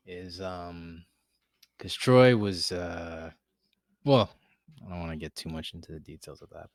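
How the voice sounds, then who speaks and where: Deep-voiced man, dry close sound. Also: no echo. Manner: earnest, halting, many fillers. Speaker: podcast co-host. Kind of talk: casual chat.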